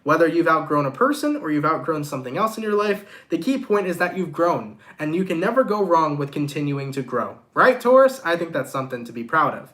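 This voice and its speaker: A man's voice: on the high side, sing-song, a little fast, hardly any pauses, fairly bright tone. Congested young man reading tarot. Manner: casual, upbeat, slangy, talks straight to viewers. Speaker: tarot reader. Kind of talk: casual tarot reading vlog.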